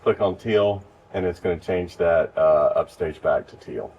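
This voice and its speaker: A man giving relaxed, step-by-step training to church volunteers, recorded in a church. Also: deep voice, unhurried, slightly rough, dull audio. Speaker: lighting instructor. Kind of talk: casual hands-on training. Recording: distant mic with faint noise.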